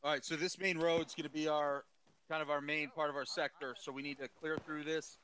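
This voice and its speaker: A man barks orders to his platoon in a military shooter, salting them with swearing. His voice sits a little high, and game gunfire and noise clutter the background of his headset chat. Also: level tone, fairly quick, a bit bright. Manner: profane, giving orders. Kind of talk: radio-style squad commands while gaming.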